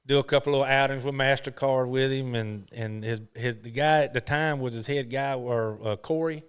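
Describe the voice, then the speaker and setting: A man's voice: mid-range voice, fairly even intonation, normal speed, smooth. A middle-aged man, a professional golfer, telling rambling folksy stories in an interview. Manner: folksy, rambling, lots of "you know". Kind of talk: casual storytelling interview.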